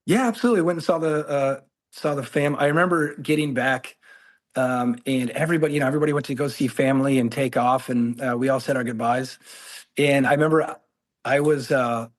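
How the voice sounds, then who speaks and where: A man in his forties, a former Marine guest, telling war stories in casual conversation, animated and laughing as he acts out quoted voices. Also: medium pitch, fairly quick. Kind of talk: conversational storytelling.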